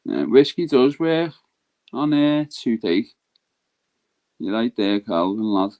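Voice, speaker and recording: A man with a Scouse accent co-hosting a livestream, easygoing, chatting and giving shout-outs to viewers. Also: on the low side, lively intonation, takes it slowly. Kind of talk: casual livestream chat.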